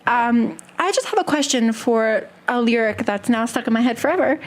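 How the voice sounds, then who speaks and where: A woman hosting a small internet radio show, chatting casually and jumping in often. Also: a little high. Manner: chatty, quick to jump in.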